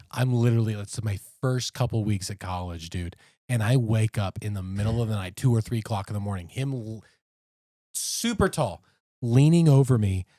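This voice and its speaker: A man in his thirties co-hosting a podcast, telling stories in an animated, casual way. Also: mid-range voice, dry recording, studio quality. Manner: animated storyteller, says "dude" often. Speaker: podcast co-host. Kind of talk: casual chat.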